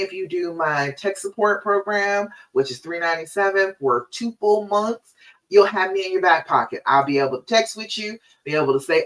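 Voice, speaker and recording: A woman's voice: fairly low pitch, far from the mic, poor audio. A woman relationship coach giving a live-streamed talk, emphatic and direct, repeating her key points.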